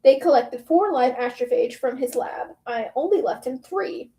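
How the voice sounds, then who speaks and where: A woman's voice: sits high, lively intonation, moderate pace, mellow. A woman reading as a blunt woman in charge. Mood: curt. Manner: curt, matter-of-fact.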